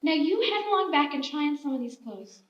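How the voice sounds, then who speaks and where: A woman's voice: sits high, expressive, fairly quick, recorded from a distance, highs cut off. An actress playing a motherly, scolding frontier woman who bakes biscuits, acted live on a theater stage. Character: kindly, bossy frontier woman baker. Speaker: stage actor. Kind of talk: live stage play acting. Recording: roomy theater stage, heard from afar.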